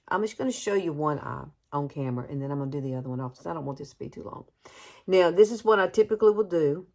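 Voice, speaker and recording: Low-voiced chatty woman. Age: 50s. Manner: chatty and rambling, with homey asides. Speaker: beauty vlogger. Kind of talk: casual makeup tutorial.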